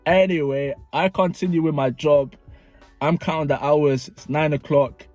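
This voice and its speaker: Animated storyteller man. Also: a little high, measured pace, no echo, soft background music. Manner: animated, repeats phrases for effect. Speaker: vlogger. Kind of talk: casual storytime narration.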